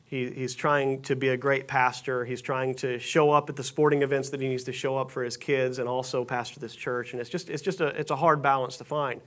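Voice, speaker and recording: A man's voice: medium pitch, flat delivery, fairly quick, few pauses, a bit bright. A pastor giving a casual, storytelling sermon to his congregation, with many restarts and self-deprecating asides. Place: church sanctuary stage.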